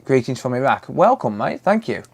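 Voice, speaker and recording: A British man, mid-pitched and ordinary in tone, talking loosely to his viewers during a live stream. He reads out their comments and answers them in a relaxed, chatty way, with the odd swear word thrown in. It sounds like he is at home. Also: moderate pace, creaky. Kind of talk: casual live-stream chat.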